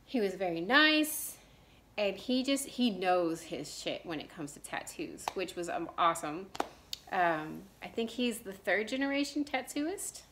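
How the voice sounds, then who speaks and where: A woman's voice: medium pitch, sing-song, unhurried, a bit bright, slight background noise. Chatty woman in her thirties. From Texas. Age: 30s. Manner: chatty, rambling, with many fillers and restarts. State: clearing her throat from allergies. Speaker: cross-stitch vlogger. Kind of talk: casual chat.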